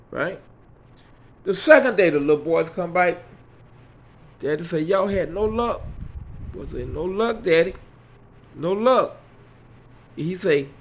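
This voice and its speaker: A man telling a long comic joke, acting out every character's lines in turn. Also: on the high side. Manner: acts out each character in turn, Southern US vernacular. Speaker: joke teller. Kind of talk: storytelling a dirty joke. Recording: dull lo-fi sound.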